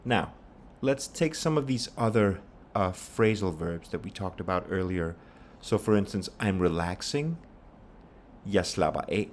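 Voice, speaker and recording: A man teaching a pronunciation lesson, patiently explaining and repeating example phrases slowly. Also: sits low, lively intonation, slight background noise. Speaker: language teacher.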